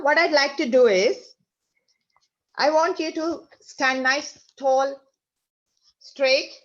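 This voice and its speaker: A woman's voice: on the high side, highs cut off. A woman leading an online motivational workshop, guiding listeners through exercises with repeated instructions. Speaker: speaker leading an online session. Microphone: video call.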